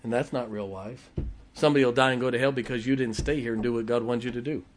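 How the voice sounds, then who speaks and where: A man's voice: mid-range voice, fairly even intonation, quick pace, a little hiss or hum. An older man preaching a sermon, telling folksy stories and laughing as he goes. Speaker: pastor.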